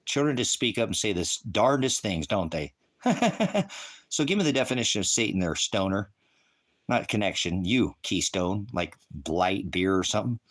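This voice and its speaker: A man's voice: fairly low pitch, animated, normal speed, a bit bright. Combative man ranting to chat. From United States. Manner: confrontational, insulting, swearing; repetitive and rambling. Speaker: online preacher answering live chat. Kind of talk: combative livestream rant.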